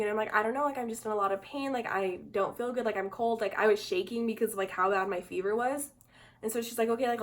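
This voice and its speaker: A young woman tells a personal story straight to the camera. Her voice sits a little high, and she talks in loose, chatty runs, dropping "like" into almost every phrase. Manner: chatty, says "like" constantly. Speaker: vlogger. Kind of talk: casual storytime.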